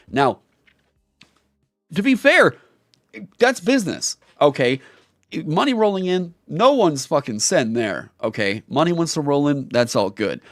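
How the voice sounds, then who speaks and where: A man's voice: mid-range voice, dry recording, clean studio sound. A man on his own channel delivering an angry commentary rant, heated, profane and emphatic. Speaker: YouTuber and streamer.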